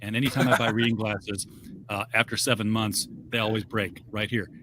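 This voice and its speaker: A man's voice: lowish voice, flat delivery, a little fast, background noise. A man from Southern Illinois, co-hosting a casual chat from home, rambling and restarting his sentences.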